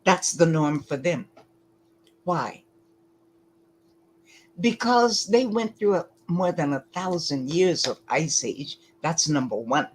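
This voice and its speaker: A woman giving lecture-style commentary, deliberate and emphatic, often pausing to ask rhetorical questions. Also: fairly low pitch, husky, poor audio.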